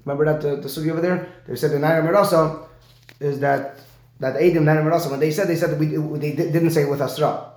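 A man teaching a Talmud lesson, explaining Rashi and checking in with his student with a quick "right?". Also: fairly high pitch, steady tone, darkish tone. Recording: echoey room.

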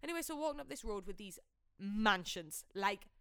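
A young woman telling a long story in casual chat, animated and giggly, swearing freely. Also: medium pitch, normal speed, clear, resonant tone, dry recording, clean studio sound.

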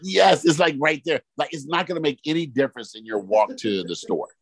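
A man's voice: a little high, brisk, dry recording. A man co-hosting a casual chat podcast, agreeing animatedly and restarting his sentences often. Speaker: podcast co-host.

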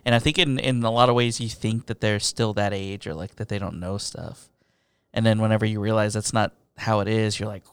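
Relaxed male podcast guest, gravelly fry, low-pitched, dry close sound, drops to whispers. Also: a little fast, no echo. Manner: laid-back, drops to quiet whispers for asides. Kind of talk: casual chat.

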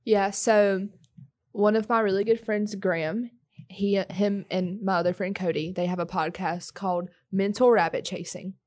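A woman's voice: medium pitch, steady tone, normal speed, a little mellow. A woman in her early twenties with a South Carolina accent, co-hosting a podcast in easygoing casual chat. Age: early 20s. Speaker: podcast co-host.

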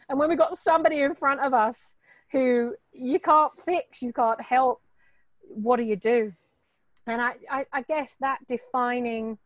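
Speaking in a fairly high voice with no echo, this middle-aged entrepreneur guest shares her story openly and energetically. She laughs, curses, and performs the voices of those she quotes.

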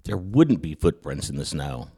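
A man's voice: extremely low pitch, moderate pace, husky. A man hosting a podcast, telling an anecdote and acting out what people said, with many stammered restarts. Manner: animated storyteller who acts out quotes, with frequent stammered restarts. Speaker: podcast host. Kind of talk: storytelling anecdote in casual chat.

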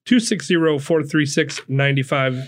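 A man with a slightly high voice hosts a radio fundraiser in an upbeat way. He reads out names and numbers clearly, with faint music behind him. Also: unhurried. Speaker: radio host.

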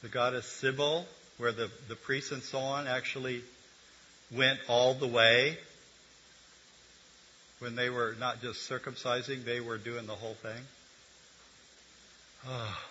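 A man's voice: mid-range voice, little pitch movement, unhurried, long pauses, sharp tone, a little hiss or hum. An older man giving a conversational sermon, teaching with humor and asides. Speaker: preacher. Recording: dull lo-fi recording.

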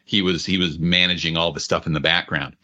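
Bright-voiced man telling stories. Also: sits low, steady tone, fairly quick, lo-fi sound. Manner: anecdotal, retells dialogue. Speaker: author and guest. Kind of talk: storytelling in conversation.

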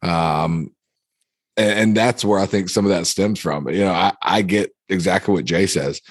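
A man's voice: low voice, normal speed, husky, no room sound, studio quality. A man in casual chat, blunt and opinionated, swearing casually.

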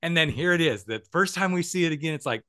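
A man hosting a casual podcast chat, telling stories lively, acting out quotes and laughing often. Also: a little high, fast. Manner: animated storyteller who acts out quotes, laughs often. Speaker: podcast host.

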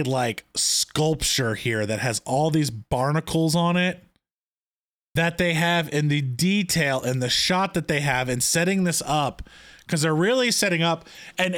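A man co-hosting a casual podcast, recapping a TV episode in an excited, rambling way with many restarts. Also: fairly high pitch. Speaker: podcast co-host.

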